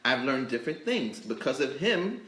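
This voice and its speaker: A man hosting a casual interview, telling rambling, animated stories about the shop. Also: mid-range voice, normal speed. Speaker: host. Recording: echoey store, faint noise.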